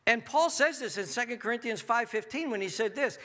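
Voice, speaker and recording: A man preaching a sermon as pastor, animated and acting out people's inner thoughts. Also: very high voice, fairly quick.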